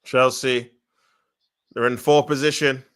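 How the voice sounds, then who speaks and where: A man giving excitable, emotional live commentary on a football match, groaning and shouting at the action in slangy talk. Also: medium pitch, a little slow, clear, resonant tone. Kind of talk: excitable fan watch-along commentary.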